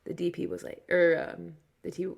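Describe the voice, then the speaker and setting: A young woman comedian guesting on a movie podcast, talking emphatically with many "like"s and quick restarts. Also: fairly low pitch, completely flat delivery, gravelly. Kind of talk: casual movie chat.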